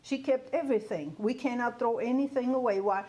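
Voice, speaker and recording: This guest speaker on grief is a woman in her fifties for whom English is a second language. Her voice is a little high with a dark tone, and she talks briskly, laughing frequently and checking that she's heard. The high frequencies in the recording are cut off.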